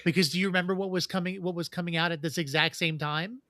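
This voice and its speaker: A man's voice: high-pitched, fairly even intonation, fast, bright, forceful tone, no room sound. A man co-hosting a casual fan podcast, explaining trivia at length with frequent restarts. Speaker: podcast co-host.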